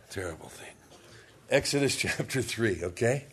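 A man's voice: deep voice, a little fast, a bit bright. A man preaching a sermon as pastor, telling a story and then reading scripture aloud with rising force.

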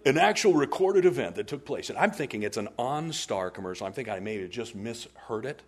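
A man preaching a sermon as a pastor, telling stories in an animated way and laughing often. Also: medium pitch, brisk, slightly rough.

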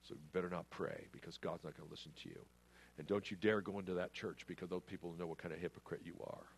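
A man's voice: low voice, steady tone, fast, a little hiss or hum, pitched below the performer's own voice. A man voicing a sneering male tempter spirit who mocks and accuses the listener. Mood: scornful. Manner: mocking, scornful.

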